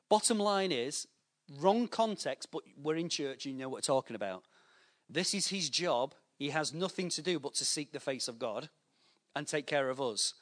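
A man preaching a sermon to a church, telling anecdotes and acting out the voices in them. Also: fairly high pitch. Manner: storytelling with lively voiced anecdotes. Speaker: pastor.

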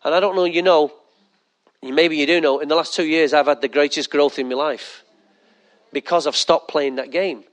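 A male pastor delivers a sermon in a high, bright register. He preaches in an animated way, firing rhetorical questions at the church and slipping into quick acted asides.

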